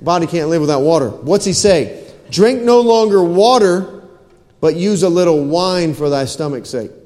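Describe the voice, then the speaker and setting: Preacher, high voice, reverberant church. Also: male voice, moderate pace, darkish tone. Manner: preachy, asks the congregation questions, repeats phrases. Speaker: pastor. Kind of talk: sermon.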